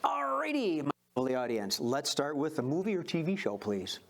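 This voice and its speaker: Chatty improv show host, lively pitch. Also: male voice, brisk, creaky. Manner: upbeat, chatty, takes audience suggestions. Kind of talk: live stage hosting. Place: stage before a live audience.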